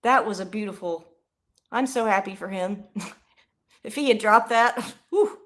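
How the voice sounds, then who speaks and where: A young woman doing casual live play-by-play of a football game, chatty and rambling, bursting into excited yelling. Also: mid-range voice, measured pace. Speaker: livestream host.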